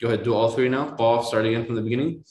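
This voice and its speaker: A man teaching Quran reading one-on-one, patiently correcting pronunciation and slowly modeling each sound. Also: medium pitch, a little mellow, roomy sound.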